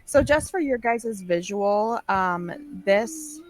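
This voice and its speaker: A woman narrating as game master in a relaxed, loose way with frequent fillers. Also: medium pitch, slow pace, soft background music.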